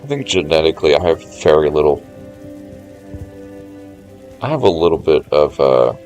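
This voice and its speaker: With faint game music in the background and lo-fi sound, a man with a rumbling low, darkish voice and big pitch swings speaks at normal speed. He's streaming a strategy game, casually chatting with viewers and thinking through every move out loud.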